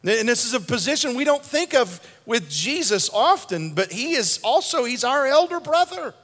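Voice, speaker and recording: High-voiced preacher in a reverberant church. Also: male voice, very animated, normal speed, a bit bright. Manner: emphatic preaching with call-outs for amen; repeats and restarts words as he builds a point. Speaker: pastor. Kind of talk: sermon.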